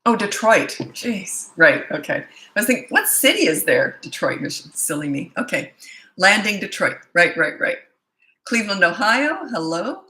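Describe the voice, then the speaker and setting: A woman's voice: medium pitch, lively intonation, moderate pace, pushed and bright, rough recording. A middle-aged woman who works as a parenting coach chats casually on a livestream, greeting viewers by name and place with jokey asides.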